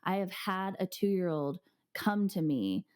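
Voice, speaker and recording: A woman's voice: fairly low pitch, slow, smooth. A young woman hosting a podcast, chatting casually and acting out quotes as she tells stories. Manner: animated storytelling, acting out quotes. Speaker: podcast host. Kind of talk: casual chat.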